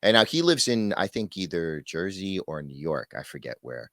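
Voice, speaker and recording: A man's voice: sits low, big pitch swings, normal speed, a bit bright, no echo, studio quality. A middle-aged man co-hosting a podcast, telling a story in casual chat, swearing freely and acting out the people he quotes. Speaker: podcast co-host.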